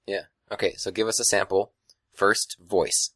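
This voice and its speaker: A man's voice: on the low side, steady tone, a little slow, a bit bright, no echo, studio quality. A man co-hosting a podcast, teasing and eagerly firing questions in casual chat. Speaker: podcast co-host.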